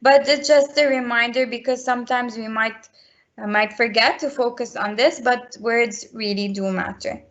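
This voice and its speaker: A woman's voice: fairly high pitch, fairly even intonation, moderate pace. A woman presenting slides to parents in a school webinar, earnest and explanatory, with frequent restarts. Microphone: video call. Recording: muffled video call audio.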